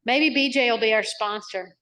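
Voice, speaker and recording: A woman's voice: a little high, normal speed, pushed and bright. A middle-aged woman, a nonprofit founder, answering interview questions over a video call in a chatty, rambling way full of asides and fillers.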